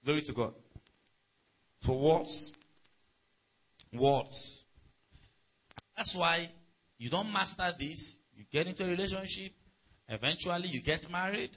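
A middle-aged pastor preaches emphatically in a slightly high voice, swinging between loud and soft and checking in with the congregation. The audio quality is poor.

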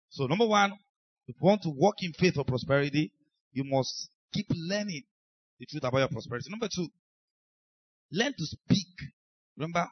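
A Nigerian-accented man with a slightly high voice preaches a sermon as a pastor, emphatic and acting out the voices of the people he quotes. The highs in the recording are cut off.

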